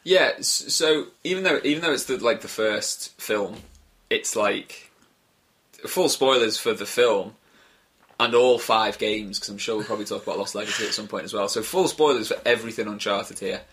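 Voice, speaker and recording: A man with a fairly low voice co-hosting a casual podcast. He jokes quickly and often stops to restart his sentences. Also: a bit bright. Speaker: podcast co-host. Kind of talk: casual chat.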